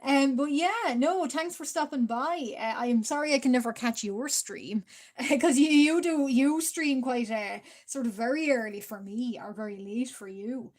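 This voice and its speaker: A woman's voice: high voice, a little slow, a little mellow. A woman with an Irish accent chatting hesitantly with her livestream viewers while she draws, with many fillers and frequent small laughs. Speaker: art livestreamer. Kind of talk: casual livestream chat while drawing.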